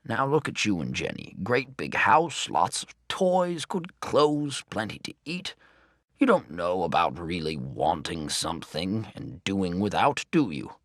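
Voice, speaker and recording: A man voicing a kindly, teasing old grandfather in an audiobook, gruff and chuckling. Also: low voice, big pitch swings, a little slow, no echo, clean studio sound, full character voice. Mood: wistful. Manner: gruff, chuckling, gently mocking. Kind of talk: audiobook reading.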